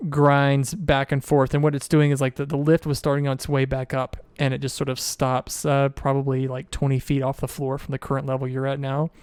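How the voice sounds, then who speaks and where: A man's voice: medium pitch, a little mellow, clear, resonant tone, dry recording. A man narrating as game master in a loose way, with many fillers and restarts.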